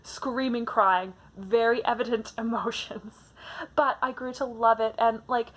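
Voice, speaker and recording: Young woman from Canada, book vlogger, chatty and animated, bright voice sitting a little high. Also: a little slow. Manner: chatty, animated, many fillers. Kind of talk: casual book tag chat.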